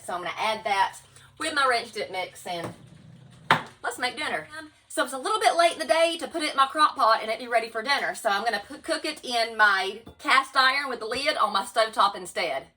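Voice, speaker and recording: A woman with a Southern US accent casually narrates a cooking vlog from her home kitchen, talking to viewers as y'all in a chatty, folksy manner. Her voice is on the high side with a sharp tone, and the recording is rough.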